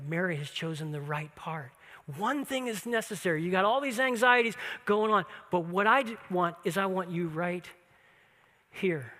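A man preaching a sermon, telling the story with animated, acted-out quotes. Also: sits high, fairly quick, big-room sound. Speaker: pastor.

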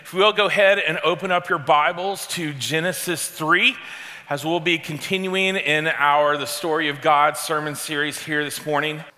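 A man's voice: a little high, fairly even intonation, moderate pace, sharp tone. A man preaching a sermon as pastor to his congregation, in a conversational style with casual asides. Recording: long reverb of a large hall.

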